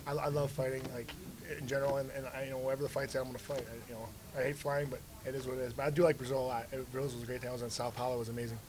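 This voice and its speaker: A man from Cleveland, a fighter answering press questions in casual talk, quick and full of "you know" and restarts. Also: medium pitch, little pitch movement, background noise. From United States, Cleveland. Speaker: fighter being interviewed. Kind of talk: casual media scrum answers. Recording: crowd chatter behind.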